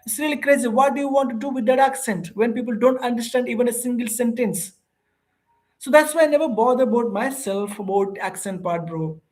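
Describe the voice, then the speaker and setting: An English teacher with an Indian accent hosts a relaxed live stream and chats directly with viewers. The voice sits in a middle pitch, and the delivery is animated and conversational, with frequent pauses and "uh" fillers. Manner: chatty and animated, reads and answers viewer comments, frequent "uh" fillers.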